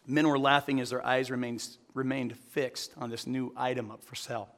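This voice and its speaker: A man's voice: medium pitch, level tone, normal speed, a bit bright. A man preaching a sermon to a live audience, telling a story and then asking the audience earnest direct questions. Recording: long hall reverb.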